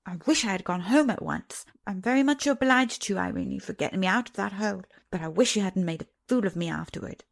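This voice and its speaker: A proud miner boy speaks in a blunt, sulky, offended way, as a woman puts him on. His voice has a gravelly edge and rises and falls widely. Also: medium pitch, lively intonation, quick pace, few pauses. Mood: rude.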